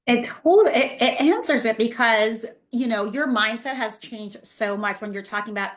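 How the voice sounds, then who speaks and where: A woman host interviews a client of her program, encouraging and casual, laughing along often. Her voice sits a little higher than most women's. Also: normal speed. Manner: warm encouraging questions, frequent laughter. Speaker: host, fitness coach.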